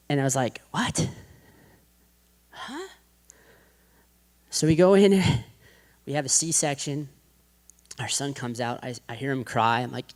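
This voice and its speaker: A man's voice: on the high side, expressive, moderate pace, pauses often. A man in his thirties giving a personal faith testimony as a podcast guest, casual and full of "like", acting out what others said. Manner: casual, heavy use of "like", acts out quotes.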